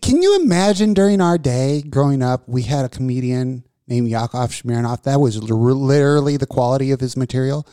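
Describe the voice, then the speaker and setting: A man's voice: mid-range voice, brisk, few pauses, dark tone, smooth, no room sound, clean studio sound. A middle-aged man co-hosting a comedy radio talk show, ranting and joking with plenty of profanity. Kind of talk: casual comedic chat.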